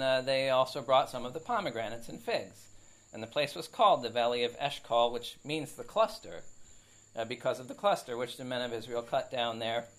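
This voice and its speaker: A man's voice: medium pitch, poor audio. A man teaching a Bible study, reading verses and explaining them in a conversational way, with frequent fillers and tag questions.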